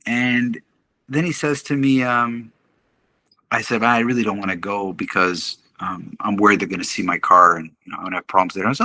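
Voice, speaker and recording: Bright, husky-voiced man telling a story. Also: fairly low pitch, a little fast, dry recording. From Canada. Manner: animated storyteller who laughs often and acts out quotes. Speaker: podcast guest, martial arts instructor. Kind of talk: casual storytelling in an interview.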